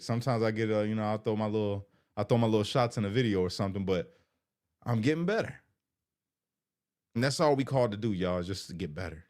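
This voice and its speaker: A middle-aged man, a vlogger, talking in an earnest, emotional, rambling way to his viewers, often saying "you know". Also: lowish voice. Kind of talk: heartfelt casual talk to viewers.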